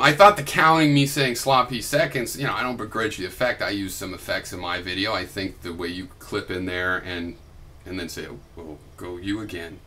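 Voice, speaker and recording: A man's voice: on the low side, pushed and bright, slight background noise. A young man recording an argumentative reply video, combative and profane, with sarcastic mock quotes of his opponent. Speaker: video blogger replying to another vlogger.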